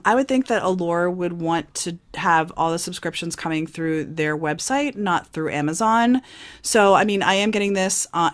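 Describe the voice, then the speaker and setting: Croaky-voiced woman with a cold. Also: fairly low pitch. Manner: chatty, rambling with fillers. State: hoarse from a cold. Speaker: beauty vlogger. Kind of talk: casual unboxing vlog.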